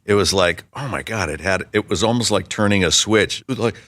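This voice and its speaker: Low-voiced man in his 60s telling an anecdote. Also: fairly quick, fairly bright tone, dry recording, clean studio sound. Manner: acts out quoted voices vividly. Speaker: talk show guest.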